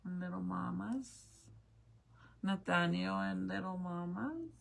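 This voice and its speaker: A woman's voice: on the low side, animated, takes it slowly, vocal fry. A young woman chatting casually with viewers as she looks back through old family photos, swearing now and then. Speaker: mom vlogger.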